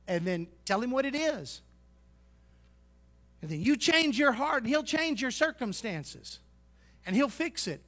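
A man preaching a sermon, folksy and teasing, swinging from loud exhortation to hushed asides. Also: very high-pitched, big pitch swings, measured pace, pauses often. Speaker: pastor.

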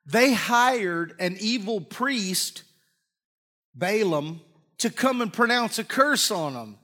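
Man, pastor, folksy sermon, high voice, throat clearing, church mic. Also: pushed and bright. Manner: folksy, joking asides, coughs and clears throat. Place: church sanctuary with congregation. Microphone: live-streamed stage mic.

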